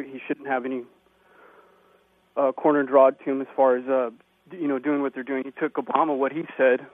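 A man calls in to a radio show, his voice sitting at an ordinary mid pitch. He talks haltingly, stopping and restarting with many fillers, and comes through a narrow, tinny phone line. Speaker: radio caller. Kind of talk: call-in comment.

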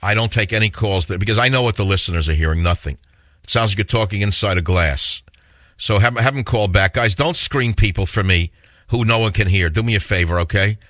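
A man's voice: on the low side, a little fast, a bit bright, no echo. A man hosting a radio talk show, telling stories in a rambling, indignant way and taking calls. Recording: dull lo-fi radio broadcast.

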